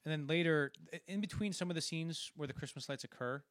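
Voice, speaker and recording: A man's voice: fairly high pitch, fast talker, a bit bright, no room sound. A man co-hosting a film podcast, casually retelling movie scenes in a rambling way with many restarts. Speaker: podcast co-host.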